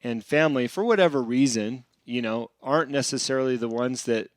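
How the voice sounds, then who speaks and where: A man's voice: medium pitch, a little fast, no room sound. A man hosting a podcast, asking his guest friendly prompting questions in casual chat. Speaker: podcast host.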